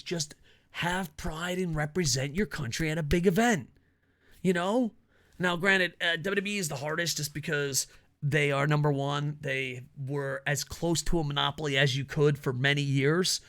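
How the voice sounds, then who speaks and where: A man with a fairly high voice rants through his own wrestling commentary show. He swears freely, laughs often and gets excitable between asides. The delivery is loose and conversational rather than scripted. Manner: profane, excitable, laughs a lot. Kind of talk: casual opinion rant.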